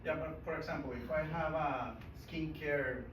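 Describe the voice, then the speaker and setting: A man's voice: a little high, steady tone, normal speed. A man taking part in a workshop, asking a question and searching for his words. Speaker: workshop participant. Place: workshop room. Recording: distant voice in an echoey room with clear background noise.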